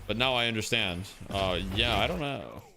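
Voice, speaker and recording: A man's voice: lowish voice, expressive, moderate pace, gravelly, music in the background. A man from Canada who hosts a stream and gives casual live commentary on a game, joking and swearing now and then.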